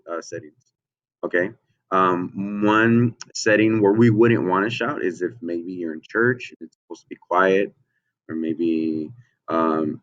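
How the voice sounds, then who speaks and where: Low-pitched male teacher talking kids through a lesson, lots of ums and "okay?", muffled lo-fi sound. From United States. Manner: checks in with frequent "okay?" and "right?", many ums. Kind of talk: lesson for children. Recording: dull lo-fi audio.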